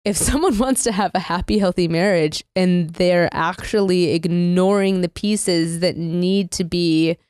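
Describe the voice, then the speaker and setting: A woman's voice: fairly low pitch, a little slow, hardly any pauses, darkish tone, clear, resonant tone, no echo, studio quality. A woman from northern Minnesota co-hosting a podcast, talking candidly and reflectively with some joking. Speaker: podcast co-host. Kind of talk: casual podcast chat.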